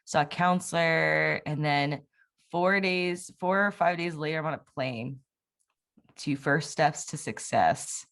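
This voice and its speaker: Speaking a little slowly in a low, creaky, slightly bright voice, a young woman shares a personal testimony as an interview guest. The conversation is casual, and her telling wanders candidly, full of fillers and false starts.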